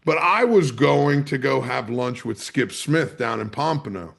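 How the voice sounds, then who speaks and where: A charter captain from the US East Coast, a guest on a podcast, telling a story in a lively, salty way and acting out what people said. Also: male voice, medium pitch, measured pace, gravelly. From Maryland's Eastern Shore, USA. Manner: vivid storyteller, swears freely, acts out quotes. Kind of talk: conversational storytelling.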